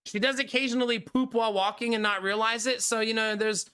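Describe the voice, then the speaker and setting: A male streamer with a high, bright voice chats loosely with his live viewers. He keeps things easygoing and breaks into laughter often. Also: fairly even intonation, a little fast, smooth. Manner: laid-back and chatty, laughing often. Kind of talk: casual chat with live viewers.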